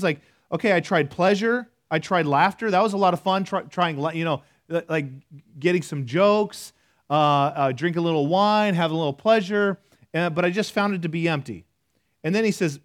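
A man's voice: on the high side, moderate pace. A man preaching a conversational sermon, reading scripture aloud between loose, filler-heavy asides. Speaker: pastor.

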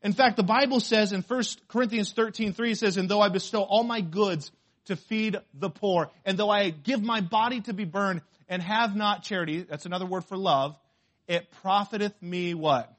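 A man preaching a sermon, repeating key lines and asking the congregation questions, moving between loud emphasis and hushed asides. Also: sits high, moderate pace. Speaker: pastor.

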